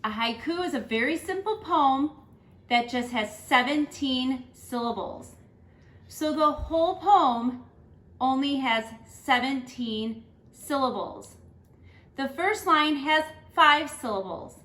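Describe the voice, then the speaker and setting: Bright, slow woman teacher reading aloud. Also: high voice, animated, reverberant. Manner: slow and emphatic, clapping out syllables. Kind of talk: lesson and read-aloud for children.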